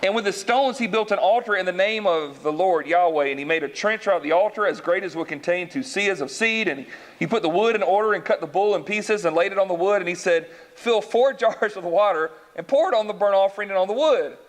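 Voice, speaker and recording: Male preacher, high voice, lively delivery, acts out scripture characters, questions the congregation. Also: brisk. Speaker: pastor. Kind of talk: sermon reading and explaining scripture.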